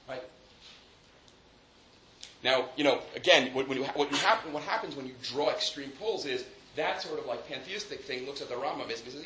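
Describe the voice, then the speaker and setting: Talking fast in a mid-range, slightly bright voice, a man gives an academic lecture to his class. He restarts sentences frequently, reasons out loud, and uses tag questions to check in, all recorded in an echoey room with faint background ambience.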